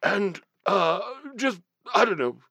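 A woman's voice: mid-range voice, expressive, takes it slowly, creaky, a bit bright, slightly rough, no room sound, studio quality, exaggerated voice. A woman doing a doddering old headmaster. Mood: deadpan. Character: doddering old male headmaster giving a speech.

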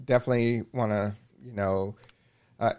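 A man's voice: fairly low pitch, fairly even intonation, normal speed, darkish tone, clean tone. A man co-hosting a podcast in casual chat, often stumbling over and repeating his words. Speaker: podcast co-host.

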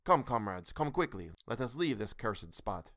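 A man's voice: fairly low pitch, big pitch swings, normal speed, fairly bright tone, no echo, studio quality. A man voicing a frightened soldier who turns sarcastic, in a story reading. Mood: fearful. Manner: urgent, shaky, then sarcastic. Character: frightened, then scornful male soldier.

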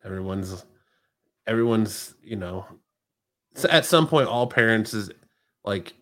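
A man's voice: lowish voice, lively intonation, measured pace, fairly bright tone. A man with an American accent co-hosting a podcast in casual chat, making dry teasing jokes. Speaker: podcast co-host.

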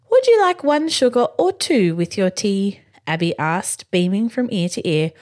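A woman reading a bedtime story slowly and expressively. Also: mid-range voice. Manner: slow, expressive, gently animated. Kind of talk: scripted bedtime story narration.

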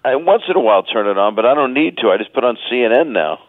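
A man's voice: medium pitch, animated, quick pace, no room sound. A man in his sixties, a comedian guest on a radio show, telling crude stories in a loose, laughing way. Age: 60s. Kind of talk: casual radio chat. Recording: tinny phone line.

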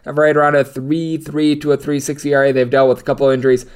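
A man's voice: a little high, little pitch movement, quick pace, darkish tone, clear, resonant tone. A man giving a sports betting preview, rattling off statistics, odds and picks in long strings of numbers. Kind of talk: rapid stat-heavy betting preview.

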